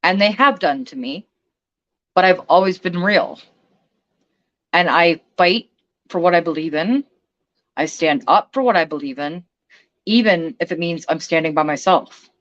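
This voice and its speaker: A woman's voice: on the low side, measured pace, pauses often, a bit bright. Woman ranting on her stream, blunt, swears a lot, kinda muffled audio. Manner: blunt, profane, emphatic. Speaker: vlogger. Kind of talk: casual livestream rant.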